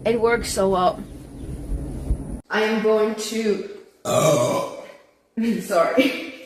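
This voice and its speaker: A woman's voice: mid-range voice, drawn-out words, a little hiss or hum. A young woman streaming casually to her chat, talking loosely and apologizing over and over. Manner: chatty, keeps apologizing.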